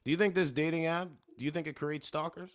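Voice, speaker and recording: A man's voice: fairly high pitch, fairly even intonation, fast. A man streaming casual chats with women on a dating app, talking bluntly and confrontationally with plenty of profanity. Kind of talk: casual livestream chat.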